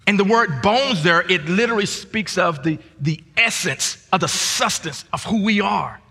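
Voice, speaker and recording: A man preaching a sermon as a guest pastor, stumbling over restarts and climbing into shouts. His voice sits high and sounds bright. The sound carries a long reverb from the hall. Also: animated, moderate pace, gravelly, husky. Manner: repetitive restarts, rising to shouts at peaks.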